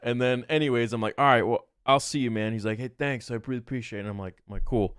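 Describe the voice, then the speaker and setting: Smooth-voiced man telling an animated story. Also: mid-range voice, no room sound, studio quality. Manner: animated, quotes himself and others in quick exchanges. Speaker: podcast guest, YouTuber. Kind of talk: casual storytelling.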